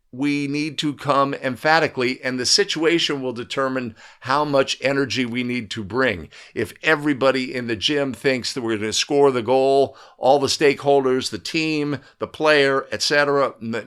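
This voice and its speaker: A man's voice: mid-range voice, fairly bright tone, smooth. Emphatic man coaching basketball referees. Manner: coaching, emphatic, with frequent "right?" tags. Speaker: basketball officiating instructor. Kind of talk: instructional video commentary.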